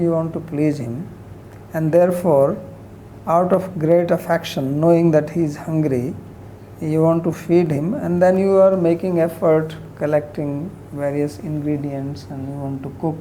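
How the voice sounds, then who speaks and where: A man gives an unhurried scripture lecture, his mellow, low-key voice fading softly at the ends of phrases. He lifts his pitch when he acts out quoted speech. A faint hum of ambience sits behind him. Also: rough recording. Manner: soft-spoken, voice trails off at phrase ends. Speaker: scripture teacher.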